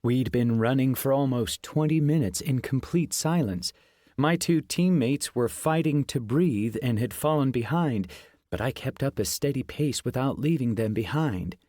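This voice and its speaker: A man narrating a fantasy audiobook in the first person, with steady, even storytelling. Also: medium pitch, normal speed, no room sound, studio quality.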